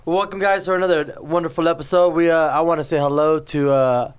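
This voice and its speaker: A man's voice: fairly high pitch, fairly even intonation, quick pace, clear, resonant tone. A man co-hosting a podcast, tipsy and rambling in a loose, casual drinking chat. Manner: loose, rambling, says he has been drinking since morning. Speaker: podcast co-host.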